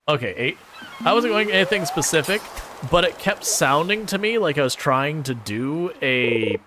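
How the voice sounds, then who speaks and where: A man's voice: fairly high pitch, fairly bright tone, slight background noise. A man doing casual let's-play commentary, chatty and joking. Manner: chatty, joking, laughs often. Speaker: gaming video creator.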